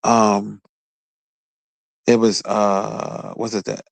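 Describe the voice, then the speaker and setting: A man's voice: very slow, creaky, no room sound. Profane Philadelphia man telling stories. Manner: profane, laughing storyteller, lively bursts of pitch. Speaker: podcast host. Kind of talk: casual storytelling.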